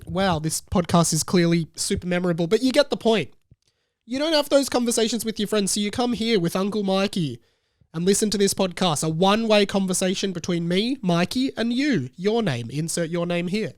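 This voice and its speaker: An Australian man hosting a casual solo podcast while sick with a cold, low on energy, rambling and self-deprecating with frequent restarts. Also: dry recording, clean studio sound. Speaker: podcast host.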